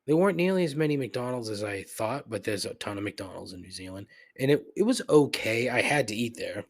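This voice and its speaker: A man's voice: on the low side, animated, a little fast. A man hosting a podcast, telling stories in a casual, profane, sardonic rant. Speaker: podcast host.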